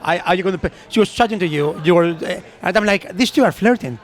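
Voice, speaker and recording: A high-pitched man recounts a night out in animated casual chat. He acts out every line of dialogue and laughs through his own story. He co-hosts the podcast. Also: quick pace. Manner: animated storyteller acting out quotes, laughs often. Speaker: podcast co-host.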